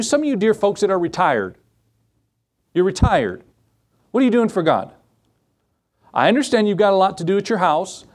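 A man preaching a sermon, his voice swinging widely up and down and sitting a touch higher than most men's. He throws rhetorical questions at the congregation. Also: very animated, normal speed, long pauses. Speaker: pastor.

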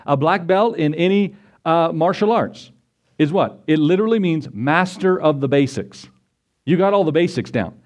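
Folksy preacher man with a higher voice. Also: lively intonation, moderate pace, a little mellow. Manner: folksy preaching with acted-out quotes and stories. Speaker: pastor. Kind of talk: sermon.

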